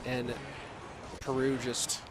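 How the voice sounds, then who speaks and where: A man's voice: mid-range voice, completely flat delivery, takes it slowly, noisy background. A man streaming from home, commentating an esports match live and stopping to answer chat questions in a loose, rambling way.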